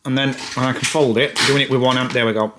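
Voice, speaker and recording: A man's voice: medium pitch, steady tone, quick pace, very noisy. An English man chatting casually in a vlog and explaining things step by step. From England. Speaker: vlogger.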